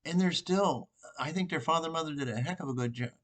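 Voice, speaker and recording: An older man, a priest, giving an informal, rambling sermon reflection with pauses and restarts. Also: on the high side, fairly bright tone.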